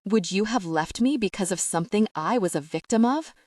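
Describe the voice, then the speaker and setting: Reading an audiobook part, a woman gives voice to an anguished young man confessing old trauma, in a bitter, strained, choked and hissing delivery. Her mid-range voice is expressive, brisk and a little mellow, close to an everyday voice, and recorded without echo.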